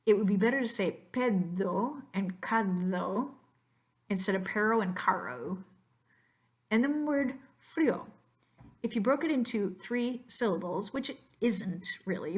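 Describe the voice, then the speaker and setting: A woman's voice: mid-range voice, moderate pace. A woman with an American English accent, teaching Spanish pronunciation in a narrated slideshow lesson and drilling words by repetition.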